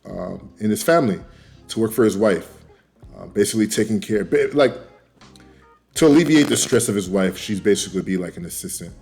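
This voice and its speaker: A man's voice: fairly low pitch, lively intonation, brisk, creaky, a little mellow. A man hosting a Bible study, reading passages aloud and then retelling them in loose, casual words with plenty of fillers. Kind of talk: casual scripture reading and commentary. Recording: faint music underneath.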